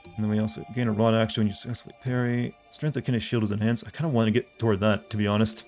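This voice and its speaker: A man's voice: on the low side, flat delivery, very fast, a little mellow, soft background music. A man streaming a game live, rambling and teasing as he answers his chat and reads menu text aloud.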